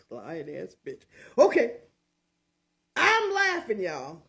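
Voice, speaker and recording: Older woman, opinion show host, sassy and mocking, slow drawn-out delivery, high bouncy voice. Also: huge pitch swings, gravelly, a bit bright. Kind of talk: opinionated commentary.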